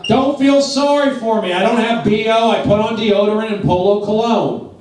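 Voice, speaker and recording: A man's voice: high-pitched, normal speed, a little mellow. A man doing stand-up comedy on a club stage, blunt and self-deprecating in short repeated sentences, with audience laughter behind him. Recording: distant echoey club recording, noisy.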